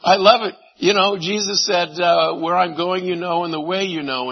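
A man preaching a sermon, animated, swinging from loud exclamations to hushed asides. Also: a little high, normal speed, few pauses, breathy edge, highs cut off. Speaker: pastor.

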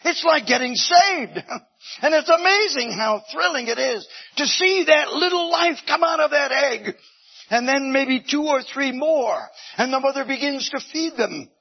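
A man preaching a sermon with animated storytelling that swings into shouts. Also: extremely high pitch, measured pace, lo-fi sound.

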